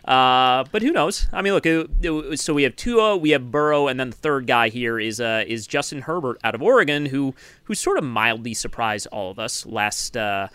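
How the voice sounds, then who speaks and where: Bright, smooth male podcast host. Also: medium pitch, expressive, moderate pace, hardly any pauses, dry recording. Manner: easygoing, hesitant with fillers. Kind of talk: casual chat.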